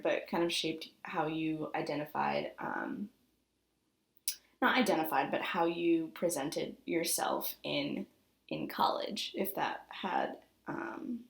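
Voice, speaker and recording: A woman's voice: low voice, sing-song, measured pace, vocal fry. A woman interviewer asking questions hesitantly, rephrasing as she goes, recorded with a roomy echo. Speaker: oral history interviewer. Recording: roomy echoing sound.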